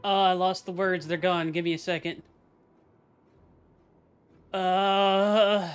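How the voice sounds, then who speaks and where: A woman's voice: on the low side, fairly even intonation, takes it slowly, clear, resonant tone, soft background music. A woman chatting casually as a player in a tabletop game, swearing offhandedly. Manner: casual, swears, laughs easily. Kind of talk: casual chat.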